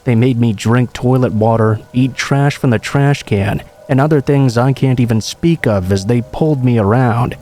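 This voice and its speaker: Mellow male horror story narrator. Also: medium pitch, normal speed, few pauses. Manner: calm, steady storytelling. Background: rain and faint music.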